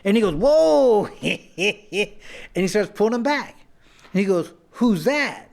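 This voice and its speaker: A man's voice: sits high, expressive, unhurried. Rambling man telling boxing stories. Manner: rambling, many restarts, acts out quotes. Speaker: guest, former boxer. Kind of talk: casual storytelling.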